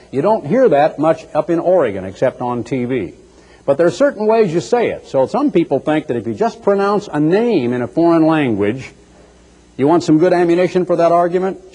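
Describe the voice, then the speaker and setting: Husky, animated preacher man in a hall. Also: a little high. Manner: animated, teasing, acts out mocking voices. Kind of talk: sermon. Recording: echoey hall with long reverb.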